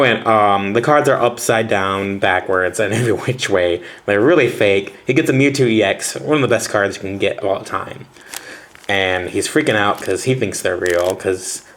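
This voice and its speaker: Rambling, chatty man with a low voice. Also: a little hiss or hum. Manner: rambling and chatty, with fillers and laughs. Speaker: vlogger and teacher. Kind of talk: casual storytelling vlog while unboxing cards.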